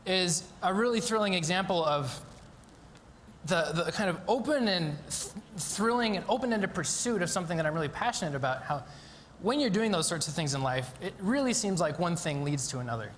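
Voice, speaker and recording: A man's voice: a little high, fairly bright tone, a little hiss or hum. A man giving a live conference talk, explaining a demonstration eagerly with frequent ums and restarts, in a university lecture hall. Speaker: conference speaker.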